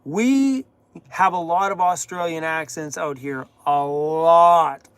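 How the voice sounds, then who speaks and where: A man hosting a live-stream Q&A from inside his camper van, jokey and animated, laughing at his own jokes. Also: on the high side, takes it slowly, smooth, no echo. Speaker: van-life channel host.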